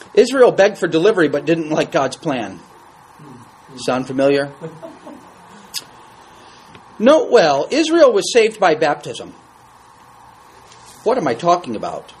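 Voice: mid-range voice, big pitch swings, takes it slowly, pauses often, a little mellow, rough recording. A Bible study teacher reading scripture aloud to a class and commenting on it in a conversational way, asking the group questions.

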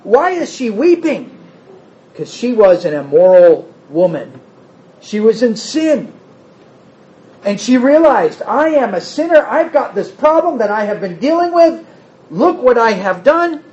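A male preacher with a high, lively voice that swings up and down as he teaches. He reads scripture and chats with the people in front of him. The recording sounds a little dull and lo-fi. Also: measured pace. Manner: animated, talks with the congregation, reads scripture aloud. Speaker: pastor or Bible teacher. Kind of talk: conversational sermon.

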